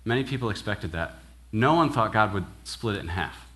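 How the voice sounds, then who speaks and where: Young male minister, slightly low voice, casual animated sermon style, keeps asking "right?". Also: brisk. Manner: casual and animated, acts out quoted dialogue, frequent "right?". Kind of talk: conversational sermon.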